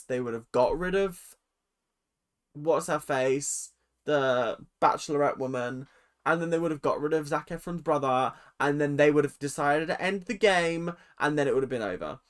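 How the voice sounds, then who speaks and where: A man's voice: on the high side, moderate pace. A young man recapping a reality show episode on his vlog, opinionated and rambling, drifting off on tangents and sounding tired. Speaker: reaction vlogger.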